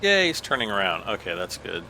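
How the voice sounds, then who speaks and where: Lively, bright-voiced man rambling over gameplay. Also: on the low side, brisk, slight background noise. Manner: rambling, self-deprecating, chuckles often. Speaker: gaming channel host. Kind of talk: casual gameplay commentary.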